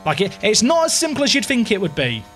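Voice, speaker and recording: Excitable man streaming a game. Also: high voice, fast talker. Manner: excitable, dramatic, self-mocking chatter to viewers. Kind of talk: live gameplay commentary.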